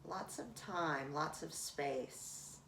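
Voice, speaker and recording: A woman leading a guided breathing meditation in calm, drawn-out phrases with long pauses. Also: low voice, a little hiss or hum. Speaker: meditation teacher. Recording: roomy echo from a distant mic.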